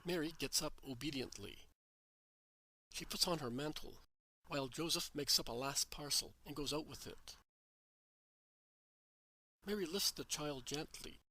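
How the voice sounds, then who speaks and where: A man narrating a devotional story in a slow, gentle, reverent reading. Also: fairly high pitch, low-quality recording.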